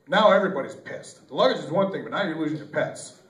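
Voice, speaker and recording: A man's voice: fairly high pitch, animated, quick pace, fairly bright tone. A young man doing an amateur stand-up set in a small club, rambling and correcting himself, with lots of fillers, taped from far off while the audience laughs. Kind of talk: stand-up routine at an open mic. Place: small comedy club or bar. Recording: echoey room taped from far off on a camcorder.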